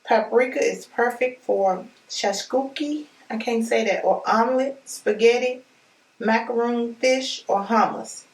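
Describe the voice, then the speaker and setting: A woman vlogger, chatting excitedly with viewers as she unboxes a package. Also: a little high, unhurried. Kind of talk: excited casual unboxing chat. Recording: echoey room, voice a bit far from mic.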